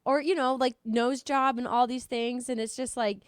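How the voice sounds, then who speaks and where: A woman co-hosting a podcast in casual chat, relaxed and wry. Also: a little high, moderate pace, clean tone, no echo, studio quality. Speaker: podcast co-host.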